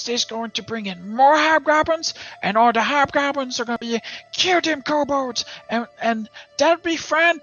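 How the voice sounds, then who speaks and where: A man's voice: extremely high pitch, sharp tone, highs cut off, pitched above the performer's own voice. A man voicing a scrappy male goblin who rambles in broken grammar.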